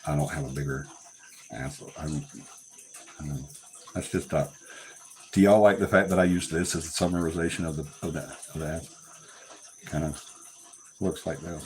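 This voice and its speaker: A man's voice: mid-range voice, lively intonation, moderate pace, pauses often, a little hiss or hum. A man hosting a casual live stream, breaking into fits of laughter. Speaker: paranormal live-stream host.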